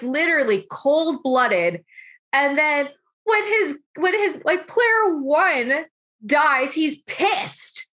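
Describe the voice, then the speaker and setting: Bright, animated young woman host. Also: high voice. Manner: animated, rambling, lots of restarts. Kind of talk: casual interview chat.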